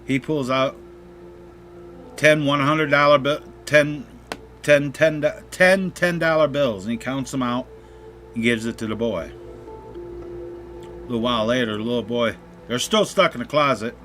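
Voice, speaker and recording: A man hosting a gaming channel, telling a joke in a relaxed, folksy way over gameplay. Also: medium pitch, a little slow, pauses often, faint music behind. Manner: folksy, relaxed storytelling with restarts.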